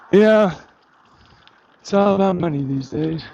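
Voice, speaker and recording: In this lo-fi clip, a man with a high-sitting, gravelly, darkish voice vlogs from a hiking trail. His rambling outdoor monologue is a sarcastic, profane rant that mocks an imagined crowd like a heckler.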